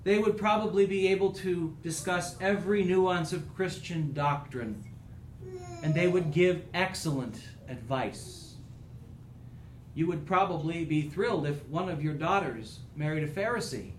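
A man's voice: on the high side, a little slow, reverberant, slight background noise, rough recording. A man preaching a sermon as pastor, with an earnest, rising and falling preaching cadence.

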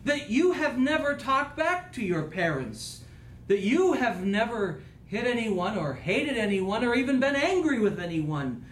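Pastor guy giving a sermon, kinda high voice, big echo in the sanctuary. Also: sing-song, a little slow, fairly bright tone, a little hiss or hum. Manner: earnest, rising and falling preaching cadence.

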